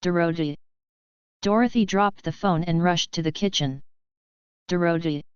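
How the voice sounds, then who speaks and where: A woman reading English story passages aloud slowly and carefully, like a tutor. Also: fairly low pitch, smooth, no room sound, highs cut off. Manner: careful, even read-aloud.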